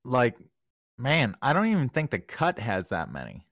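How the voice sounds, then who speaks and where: A man co-hosting a podcast, telling anecdotes casually and getting animated when he acts out what others said. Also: mid-range voice, normal speed, no echo, clean studio sound. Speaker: podcast co-host.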